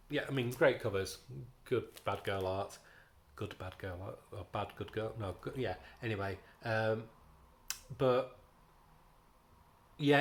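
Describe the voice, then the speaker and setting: A man with a British accent chatting casually about comics in a review vlog, rambling with frequent ums and restarts. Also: mid-range voice.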